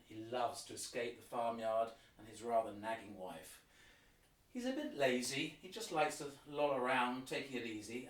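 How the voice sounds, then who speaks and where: A male opera guide with a mid-range voice, heard from a distant mic, explains an opera scene by scene and sometimes sings short motifs to illustrate. The listening tour uses piano examples and sounds roomy and off-mic.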